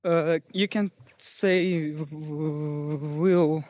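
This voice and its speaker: Very slow, halting voice over muffled chat. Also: medium pitch, steady tone, darkish tone. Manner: halting, hesitant, stumbles over words. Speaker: viewer in voice chat. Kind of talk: casual voice chat.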